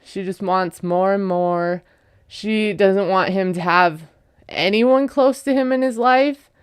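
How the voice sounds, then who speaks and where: A woman with a smooth, clear voice recaps a reality show in a chatty, opinionated way. She laughs often while she talks, and the sound is close and dry. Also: mid-range voice, slow, dry recording. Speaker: recap vlogger. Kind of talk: casual recap commentary.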